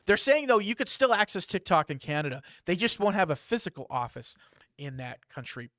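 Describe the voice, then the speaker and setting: A man with a fairly high voice hosts a live security news briefing, talking quickly in a lively, chatty manner with asides and jokes between stories. The sound is dry and close, with no room sound.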